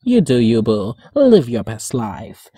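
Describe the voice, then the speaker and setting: Vlog host reviewing cartoon songs: dramatic, gushing, sassy ("honey"), very animated pitch, warm and mellow, dry close sound. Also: slow, slightly rough, dry recording. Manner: swoops high in pitch when excited. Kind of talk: excited casual review vlog.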